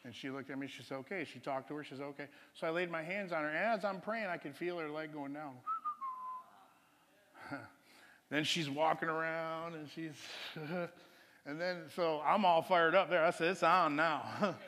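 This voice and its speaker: A man's slightly high voice rings through a church hall with a long tail of reverb as he preaches. He tells his story loosely, chuckling often and restarting his sentences, like a preacher telling a testimony from the pulpit. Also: fairly even intonation, normal speed, a bit bright, a little hiss or hum. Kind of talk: sermon with a personal testimony story.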